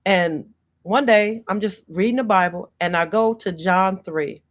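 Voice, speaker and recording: A woman's voice: medium pitch, a little slow. A woman pastor from Gary, Indiana, speaking as a guest in an interview, earnest and growing passionate as she recites faith confessions. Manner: earnest, grows passionate and emphatic.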